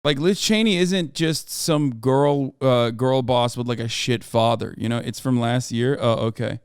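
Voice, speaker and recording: A man's voice: mid-range voice, unhurried, smooth, no room sound, studio quality. A man in his thirties giving casual, profane live-stream commentary on the news and reacting to his chat. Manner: brash, profane, riffing on chat.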